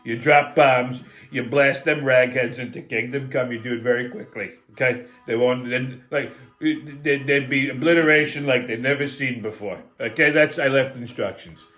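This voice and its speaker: A man's voice: mid-range voice, steady tone, moderate pace, hardly any pauses, sharp tone, faint music behind, voice pushed down, natural voice. A man doing an impression of a boastful male president who repeats himself and makes threats. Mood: boastful, threatening.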